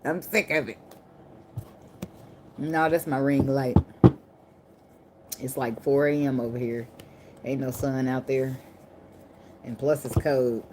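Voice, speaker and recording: This tarot reader has a bass voice and a steady tone, taking it slowly and pausing often. Reading casually to camera indoors at night beneath a ring light, she's blunt, profane and joking, while clicks and card shuffling sound clearly in the background.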